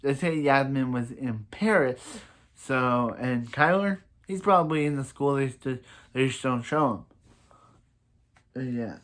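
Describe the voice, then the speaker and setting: A man's voice: medium pitch, unhurried, a bit bright. A man casually recapping a TV season, rambling with lots of fillers and restarts. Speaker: show recap reviewer.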